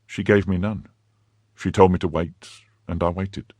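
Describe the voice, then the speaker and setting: A man's voice: deep voice, fairly even intonation, measured pace, darkish tone, no echo. A man voicing a timid middle-aged mercer who answers anxiously and deferentially, crying out in alarm when frightened. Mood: nervous deference.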